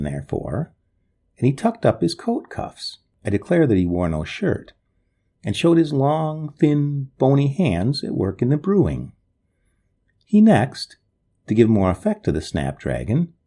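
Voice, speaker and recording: A man narrating an old story in the first person, in a dramatic, expressive way. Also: on the low side, slightly rough.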